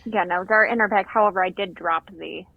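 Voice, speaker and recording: A woman's voice: medium pitch, steady tone, brisk, gravelly, dry recording, phone-quality sound. A woman playing a tabletop game, describing what her character does in third person. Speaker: player.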